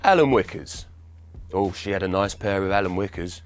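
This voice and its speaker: A man with a Cockney accent giving loud, punchy examples of rhyming slang in a lesson video. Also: low voice, normal speed, voice pushed down, natural voice. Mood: cheeky. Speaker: guest speaker in a language lesson video.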